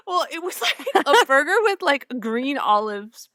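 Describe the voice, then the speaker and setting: Lively woman chatting, dry sound. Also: high voice, measured pace, dry recording. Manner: chatty, lots of "like", laughs easily. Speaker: podcast co-host. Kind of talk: casual recap chat.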